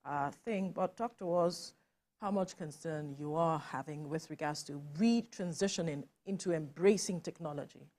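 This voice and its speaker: A woman's voice: deep voice, normal speed. A woman with a Nigerian accent hosting a morning TV studio interview, asking probing questions. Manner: probing, animated when pressing a point. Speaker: TV morning show host.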